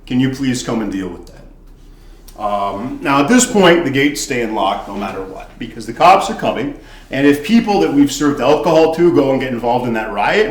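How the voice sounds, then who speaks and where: A man telling a comedic bar story casually, profane and swinging between loud and hushed. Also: mid-range voice. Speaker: podcast storyteller, former bartender. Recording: echoey room.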